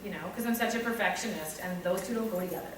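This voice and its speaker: A Canadian-accented woman teacher reflects on her teaching practice, speaking candidly and rapidly with self-deprecating humor and acted-out asides. Her voice is middle-pitched, captured from some distance in a very echoey room with faint ambience and a slight hiss or hum.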